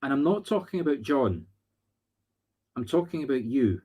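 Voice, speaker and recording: A Scottish man working as a medium on a live stream, talking earnestly and haltingly, often searching for words. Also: mid-range voice, big pitch swings, husky, highs cut off. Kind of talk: live-streamed spirit readings.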